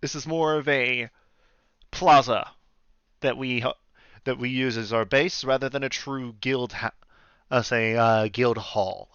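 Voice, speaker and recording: A man gives voice to a diplomatic elf guild leader, careful and formal, who stumbles and restarts as he picks his words. The voice is smooth and resonant. The recording is dry and a little dull. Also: medium pitch, fairly even intonation, a little slow, pauses often, fairly bright tone, no echo. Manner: polite, formal, hesitant with restarts.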